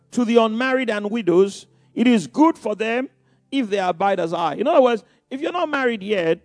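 A man's voice: high-pitched, no echo. A middle-aged man preaching a sermon in a conversational way, with many asides and repeated phrases.

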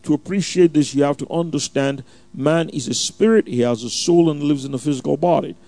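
A male preacher with a gravelly, fry-laced voice and a mellow, dark tone, sitting a touch high for a man. He prays in a measured, fervent way, then shifts into a teaching sermon full of restarts and fillers. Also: no echo. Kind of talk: sermon with opening prayer. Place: church.

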